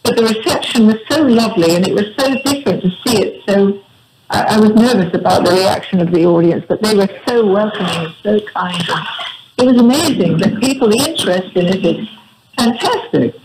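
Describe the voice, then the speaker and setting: A woman's voice: mid-range voice, expressive, brisk. Laughing older British woman on a noisy line. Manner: gracious, laughs often. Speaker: guest. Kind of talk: phone interview on a radio show.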